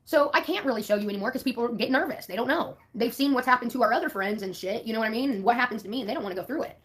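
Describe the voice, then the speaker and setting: Woman streamer, fast, blunt and profane, casual rambling chat. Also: on the high side. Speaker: live streamer.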